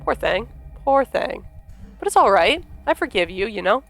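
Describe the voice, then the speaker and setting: A woman voicing a calm, menacing male captor in a visual novel, keeping his voice soft, even and mockingly gentle. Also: medium pitch, brisk, faint music behind. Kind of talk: reading a visual novel aloud.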